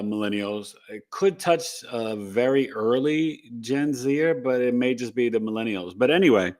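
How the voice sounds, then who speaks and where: A man hosting a live astrology show, chatting casually and playfully with his co-host and viewers. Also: mid-range voice. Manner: playful, animated, talks over his co-host. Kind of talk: casual livestream chat.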